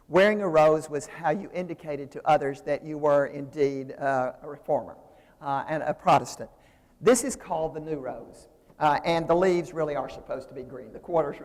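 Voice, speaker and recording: A woman's voice: low voice, a little mellow. Woman lecturing in a reverberant hall. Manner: conversational, digressive, with frequent fillers and restarts. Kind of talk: seminary lecture presentation.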